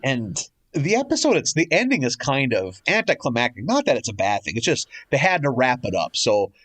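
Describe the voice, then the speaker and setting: A man's voice: mid-range voice, very animated, brisk, a bit bright, no echo. A man co-hosting a casual podcast from his basement, recapping in a wry, pessimistic way. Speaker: podcast co-host. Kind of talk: casual chat.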